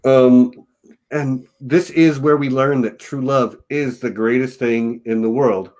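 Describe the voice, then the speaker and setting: A man's voice: mid-range voice, steady tone, slow pace, a little mellow. A man from Texas co-hosting a casual film review podcast, enthusiastic and laughing often as he quotes lines. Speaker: podcast co-host.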